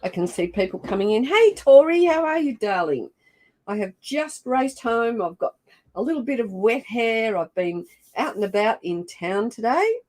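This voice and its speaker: A woman's voice: fairly high pitch, lively intonation, moderate pace, a little mellow. An older woman with an Australian accent, hosting a casual livestream and greeting viewers by name in an effusive, chatty way. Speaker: livestream host. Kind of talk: casual live-stream chat.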